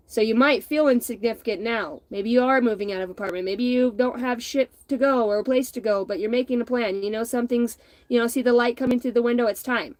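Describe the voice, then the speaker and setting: A woman's voice: a little high, dry recording, poor audio. A middle-aged woman giving a casual spiritual tarot reading, rambling, blunt and profane, often breaking into laughter. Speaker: intuitive tarot reader.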